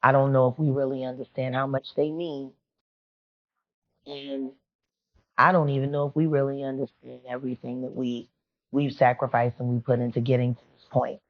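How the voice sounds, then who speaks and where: A woman's voice: extremely low pitch, little pitch movement, moderate pace. A woman guest on a podcast, telling a personal story in a rambling, confiding, emotional way. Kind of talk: candid storytelling interview. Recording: muffled lo-fi sound.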